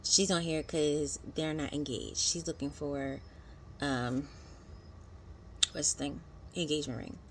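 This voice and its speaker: A woman in her thirties recapping a TV episode in casual, animated vlog commentary, acting out quotes. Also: measured pace, long pauses, a little hiss or hum. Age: 30s. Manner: chatty, animated, acts out quotes in higher voice. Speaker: vlogger.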